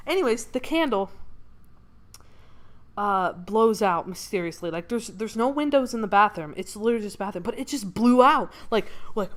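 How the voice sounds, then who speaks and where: A woman casually telling a long dream story while she doodles, rambling with many fillers and growing excitable. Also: a little high, normal speed. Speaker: streamer.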